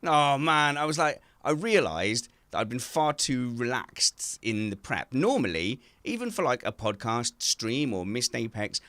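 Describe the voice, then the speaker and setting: A man hosting a casual podcast from his garden shed, self-mocking and animated as he tells stories. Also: mid-range voice, measured pace, hardly any pauses, no room sound. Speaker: podcast host.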